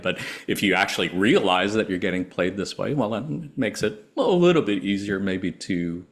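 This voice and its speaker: A man's voice: deep voice, a bit bright. A man hosting a podcast discussion, talking in a thoughtful, musing way. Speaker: podcast host.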